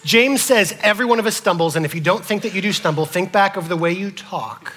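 A man preaching a sermon to his congregation, asking them questions and swinging from loud to whispered. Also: sits high, quick pace. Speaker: pastor.

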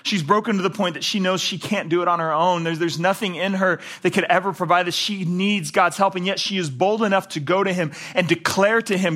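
A man preaching a sermon, animated, swinging between loud emphatic passages and low quiet ones. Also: normal speed, hardly any pauses. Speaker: pastor.

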